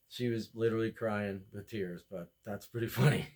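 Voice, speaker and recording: A man with a fairly low voice rambles through a comedy monologue. He talks with excitable energy and jumps from one tangent to the next. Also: normal speed. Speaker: podcast host.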